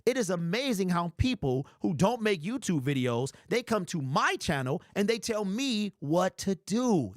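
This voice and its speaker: A man with a high voice hosts a casual fan live stream, reacting to chat in an animated, teasing way. The sound is dry and close. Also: dry recording. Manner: animated, mock-indignant, teasing. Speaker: fan livestream host.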